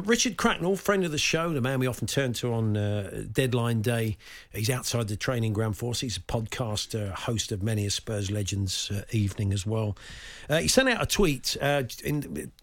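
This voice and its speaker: A man's voice: medium pitch, expressive, normal speed. A man hosting a casual football talk show, chatty and wry, thinking aloud. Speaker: radio sports talk host.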